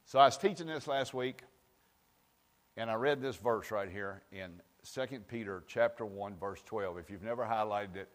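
A man preaching a fiery sermon as pastor of his church, swinging from hushed asides to shouting. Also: fairly low pitch, in a large hall. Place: church sanctuary.

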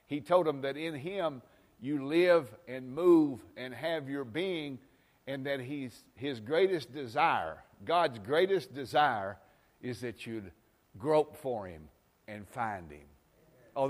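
A male pastor preaching a folksy sermon, swinging from loud exhortations to quiet asides. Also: medium pitch, animated, measured pace.

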